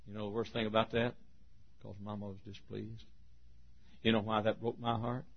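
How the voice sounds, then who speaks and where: An older man preaching a sermon in a folksy way, laughing often and shouting for emphasis. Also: fairly low pitch, little pitch movement, moderate pace, gravelly, long pauses. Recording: muffled old sermon tape.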